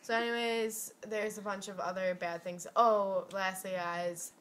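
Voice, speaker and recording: A young woman casually telling a funny story in a vlog, giggling and animated as she goes. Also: medium pitch, unhurried. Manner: giggly, animated, laughs through her story. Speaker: vlogger.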